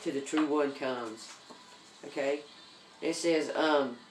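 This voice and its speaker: A woman's voice: fairly low pitch, normal speed, reverberant. A woman giving a casual tarot reading, chatty, with many ums and repeated okays. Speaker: tarot reader.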